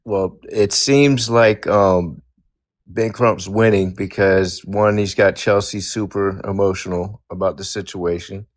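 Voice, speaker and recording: A man giving measured, explanatory commentary as a guest in a discussion. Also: low-pitched, fairly even intonation, no echo, clean studio sound.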